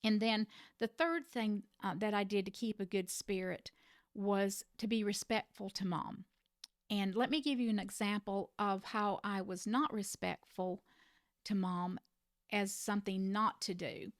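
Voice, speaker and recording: A woman's voice: medium pitch, steady tone, a little slow, no echo. Middle-aged woman telling a personal caregiving story, earnest and reflective, voice kinda in the middle, dry sound. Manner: earnest, reflective, gently emphatic. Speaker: family caregiver sharing advice.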